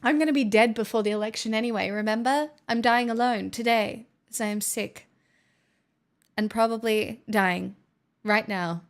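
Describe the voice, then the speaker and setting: A woman's voice: fairly high pitch, moderate pace. A young Australian woman chatting casually on a live stream, playful and a little dramatic. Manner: playful, self-mocking, dramatic. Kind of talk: casual chat.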